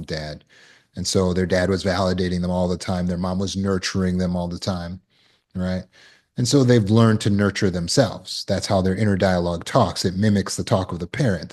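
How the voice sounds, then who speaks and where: A man giving a live talk to an audience in a room. He talks earnestly and coaxingly, repeats phrases, and drops to a soft voice when he voices comforting words. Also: low voice. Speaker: trauma recovery speaker. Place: room with an audience of about 160.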